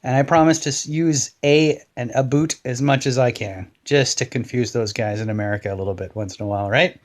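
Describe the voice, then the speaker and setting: Guy, cheerful teasing voicemail, mid pitch. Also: fairly even intonation, fairly quick. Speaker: caller. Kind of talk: voicemail message.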